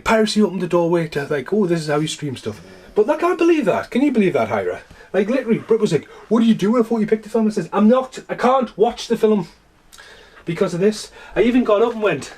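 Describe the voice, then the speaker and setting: Exasperated swearing bloke. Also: male voice, a little high. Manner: exasperated, swears freely, animated. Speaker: vlogger. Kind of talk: casual ranting vlog.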